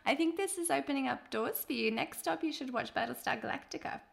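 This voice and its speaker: A cheeky woman in her thirties co-hosts a casual chat, teasing her friend and laughing easily. Her voice sits fairly high. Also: fast, creaky. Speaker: podcast co-host.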